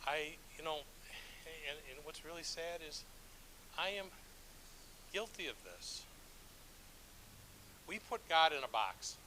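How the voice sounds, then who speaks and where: A middle-aged man serving as a church elder preaches in a relaxed, self-deprecating way, often restarting his sentences. His voice is bright and forceful and sits a bit high. A faint hiss runs under the recording. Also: takes it slowly, pauses often, poor audio. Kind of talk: sermon with storytelling.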